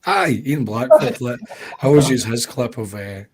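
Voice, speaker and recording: A man co-hosting a podcast, talking in an animated, crude, jokey way. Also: mid-range voice, moderate pace, husky. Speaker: podcast co-host. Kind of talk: casual political chat.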